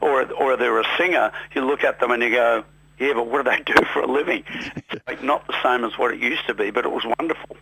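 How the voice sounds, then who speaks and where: Bright, husky Australian man telling stories. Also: mid-range voice, fast, no room sound, poor audio. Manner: rambling, self-deprecating, animated when quoting others. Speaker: guest musician. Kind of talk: relaxed storytelling in a radio interview.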